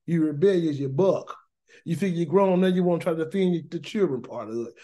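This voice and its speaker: This is an informal Torah study sermon from a Bible teacher whose warm voice sits high for a man, delivered fairly quickly. He speaks in loose, everyday terms like "y'all" and "gonna." Preachy and emphatic, he repeats words while building his argument and keeps tossing out rhetorical questions he answers himself.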